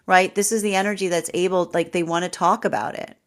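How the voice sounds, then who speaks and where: Woman, lowish voice, tarot reader on a live stream, rambling and restarting, quick to laugh. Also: steady tone. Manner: rambling, many fillers and restarts, laughs often. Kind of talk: live-streamed astrology reading.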